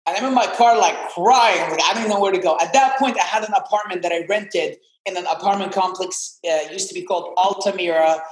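A man in his twenties, a podcast guest, telling his story in an animated, casual way and swearing freely. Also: high voice, fairly quick, hardly any pauses, roomy sound, rough recording. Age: 20s.

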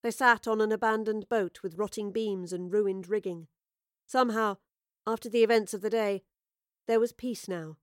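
A woman narrating a dramatic audio story in a measured, storytelling voice. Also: mid-range voice, clean tone, dry recording, clean studio sound.

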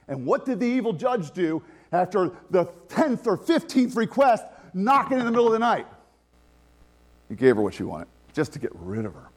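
A man preaching a conversational sermon as pastor, animated and laughing often. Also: high-pitched, moderate pace.

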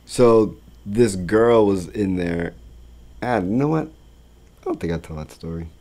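A man co-hosting a casual chat, telling animated, profane stories about his rideshare passengers and laughing often. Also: on the low side, measured pace. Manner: animated, profane storytelling that acts out voices; laughs often while talking. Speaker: podcast co-host recounting rideshare driving.

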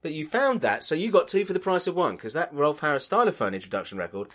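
A man co-hosting a podcast in casual comedic chat, dry and playful with wordplay and quick agreeing replies. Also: a little high, sing-song, a bit bright. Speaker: podcast co-host.

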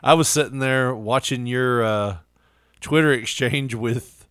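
A man's voice: mid-range voice, measured pace, a bit bright, clean tone, no echo, studio quality. A man co-hosting a podcast, teasing and laughing often as he riffs on jokes. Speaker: podcast co-host. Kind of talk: casual chat.

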